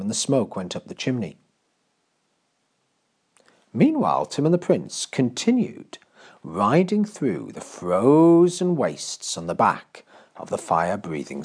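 A man's voice: mid-range voice, unhurried, pauses often, husky. Man reading a bedtime story aloud, voice rising and falling a lot, dramatic. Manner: expressive, dramatic, pace shifting with the action. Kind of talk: storybook narration.

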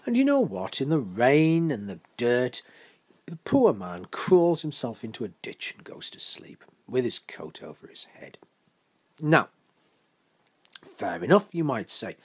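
A man's voice: mid-range voice, huge pitch swings, unhurried, husky. A man telling a folk tale aloud, chatty with playful asides to his listeners. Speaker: storyteller.

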